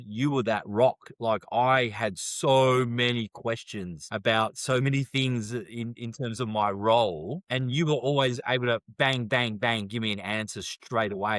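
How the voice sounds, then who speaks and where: Lively male podcast host telling stories. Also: medium pitch, unhurried, hardly any pauses, no room sound, clean studio sound. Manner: animated storyteller, laughs often. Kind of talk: casual chat.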